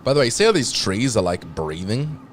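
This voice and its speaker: A man's voice: medium pitch, big pitch swings, a little fast, slight background noise. A British man streaming a game, chatting casually, swearing and joking as he reads chat aloud. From Britain. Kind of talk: casual gaming commentary. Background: background music.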